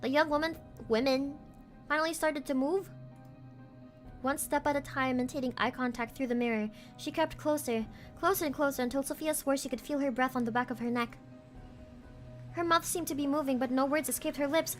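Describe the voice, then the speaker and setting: A woman's voice: sits high, fairly quick, faint music behind. A woman streamer reading a horror game's text aloud as she plays, jumpy and prone to breaking off into yelps, swearing and nervous laughter.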